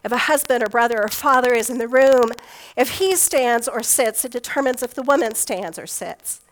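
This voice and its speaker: A woman's voice: fairly high pitch, animated, normal speed, rough recording. A woman pastor preaching a sermon in a conversational storytelling way, with touches of folksy humor.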